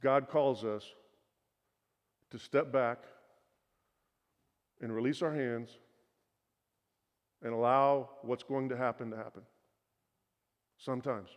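A middle-aged pastor preaching a sermon, telling a personal story in an earnest voice that often drops to a quiet, confiding tone. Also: male voice, medium pitch, steady tone, slow pace, long pauses. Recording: long hall reverb.

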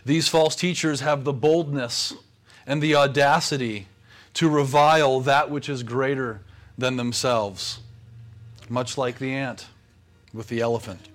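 A man, a pastor, preaching a sermon with measured pauses. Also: medium pitch, fairly even intonation.

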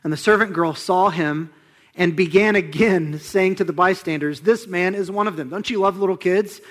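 A young man preaching a sermon, conversational and animated, acting out the people in the story and dropping to a hush for solemn moments. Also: sits high, moderate pace. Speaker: pastor.

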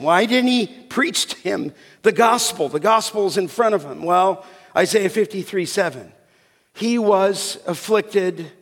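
A man preaching a sermon as pastor, deliberate and emphatic, asking the congregation rhetorical questions. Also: high-pitched, long reverb tail.

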